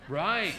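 Man, stand-up comedy, unhurried delivery, audience laughter, noisy live recording. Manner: animated, swinging from low confiding asides to loud shouted bursts. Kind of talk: stand-up routine.

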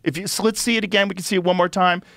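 A man hosting a podcast in casual chat, emphatic and swearing freely, loudly acting out the lines of the people he talks about. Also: high voice, fairly even intonation, racing, vocal fry, dry recording, studio quality. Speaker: podcast host.

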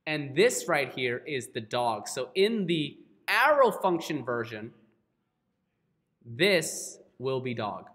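A man's voice: mid-range voice, sing-song, slow, a bit bright. A man teaching a live coding class, who keeps checking in with his students and often apologizes. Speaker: coding instructor.

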